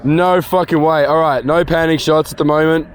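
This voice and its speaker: A young man filming a casual photography vlog outdoors, talking excitedly, often swearing and complaining when he misses shots. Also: on the high side, normal speed, clean tone. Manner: excitable, swearing, frustrated outbursts. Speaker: photography vlogger. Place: outdoors by a busy road and racetrack. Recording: outdoor street noise. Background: passing cars.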